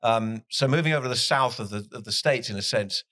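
A man's voice: mid-range voice, brisk, a bit bright, no room sound, clean studio sound. A man with a southwest English accent, a soccer commentator chatting on a podcast, rambling and laughing often. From southwest England. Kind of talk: casual podcast chat.

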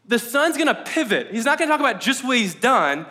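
A man preaching a conversational sermon at a church service, casual and animated, with many likes and ums. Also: extremely high pitch, a little fast. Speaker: pastor.

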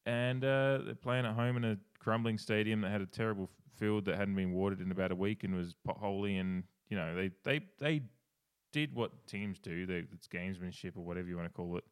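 Australian man, podcast co-host, casual rambling chat, fairly low voice, laughs a lot. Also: brisk, clear, resonant tone.

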